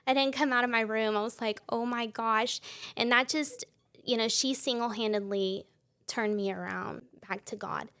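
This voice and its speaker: Creaky-voiced woman telling her story. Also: a little high, normal speed. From Texas. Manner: lively storyteller, laughs often, acts out quoted dialogue. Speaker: guest sharing her testimony. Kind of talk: conversational testimony interview.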